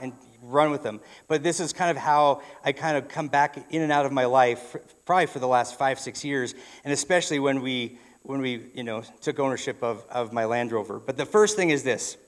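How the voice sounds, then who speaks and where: A man preaching a sermon in a church, telling a story in a conversational way with frequent restarts. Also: mid-range voice. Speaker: pastor.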